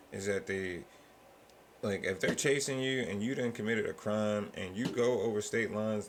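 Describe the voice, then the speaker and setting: A very deep male voice with a gravelly, fried edge, talking casually as a podcast host. He rambles loosely and swears freely, slipping into acted-out quotes as he goes. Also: slight background noise. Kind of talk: casual chat.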